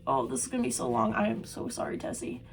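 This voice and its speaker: A young woman vlogging while she does special effects makeup, chatting casually and poking fun at herself, sometimes trailing off into soft mumbles. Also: on the high side, level tone, fast, gravelly, slight background noise, low-quality recording. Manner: chatty, self-mocking, drifts into soft mumbles. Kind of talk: rambling casual chat while doing makeup.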